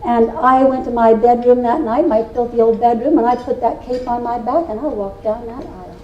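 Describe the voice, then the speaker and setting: A woman's voice: fairly high pitch, fairly quick, lo-fi sound. A woman in her sixties from Indiana, giving a storytelling keynote to a live audience in a folksy, playful and confiding way, with teasing asides to the crowd. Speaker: keynote speaker. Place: meeting room with a live audience. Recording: roomy hall from a distant mic.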